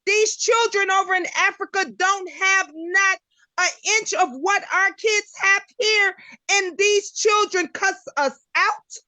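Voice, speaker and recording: A woman's voice: very high-pitched, slow pace, bright, forceful tone, no echo. A woman from the United States, a guest in a casual chat, telling stories in a blunt, emphatic way.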